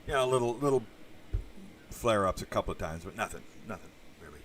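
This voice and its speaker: Fairly low-pitched and animated, this man talks briskly, far from the microphone, over a little hiss or hum. He's hosting a casual livestream as a podcast host reading chat, rambling through asides and cursing crudely at times.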